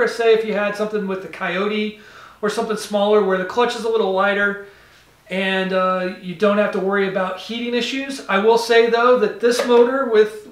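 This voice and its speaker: A man's voice: high voice, a bit bright, reverberant, recorded from a distance. A man hosting a car review, talking casually and rambling, with frequent self-corrections. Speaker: car channel host.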